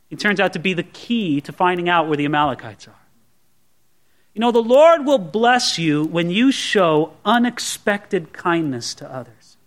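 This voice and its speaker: A man's voice: high voice, fairly bright tone. A pastor preaching a sermon to his congregation in an earnest, conversational way, often asking rhetorical questions.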